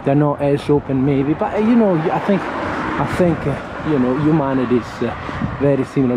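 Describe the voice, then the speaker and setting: A man with a fairly high voice talks at a normal speed with few pauses, vlogging as he walks through residential streets and chatting in a friendly, rambling way while pointing things out. He films on a handheld camera, and street noise and passing traffic can be heard.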